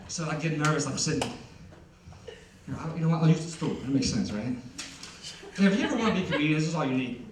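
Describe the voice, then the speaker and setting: Young man, new stand-up comic, rambling and self-mocking, slightly high voice, miked from afar in an echoey hall. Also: expressive, quick pace, pauses often, background noise. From Ohio, USA. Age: young adult. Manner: rambling, self-deprecating, filler-heavy. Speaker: stand-up comedian. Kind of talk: stand-up comedy set. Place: concert venue on stage. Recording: echoey hall, heard from a distance.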